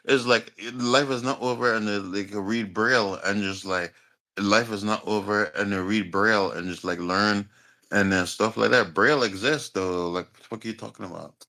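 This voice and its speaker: A man's voice: fairly low pitch, fairly even intonation, normal speed, bright, forceful tone. A man in a heated online debate, answering in a rambling, defensive, profane way. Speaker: debate guest.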